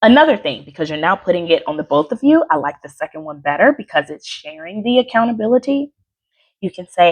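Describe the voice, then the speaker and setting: A woman coach teaching a live workshop on handling anger, chatty and animated, with asides and quick laughs. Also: fairly low pitch.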